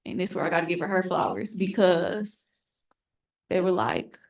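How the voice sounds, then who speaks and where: A woman's voice: lowish voice, expressive, moderate pace. A young woman on a panel, telling her personal story candidly and earnestly, often acting out what people said to her. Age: young adult. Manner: candid, earnest storytelling that acts out remembered dialogue.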